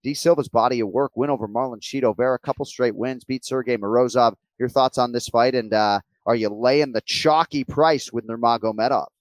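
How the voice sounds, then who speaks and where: A man's voice: mid-range voice, fairly quick, few pauses, dry recording. Conversational male podcast host. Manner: conversational, swears casually, laughs often. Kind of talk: podcast chat, casual fight preview.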